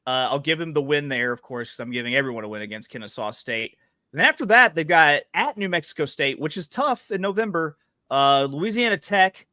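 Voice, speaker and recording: A man with a fairly high, bright and forceful voice hosts a relaxed sports betting chat. He is chatty and playful and fills his talk with "uh"s. The sound is close and dry. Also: no echo. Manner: chatty, playful, with frequent fillers. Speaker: podcast host.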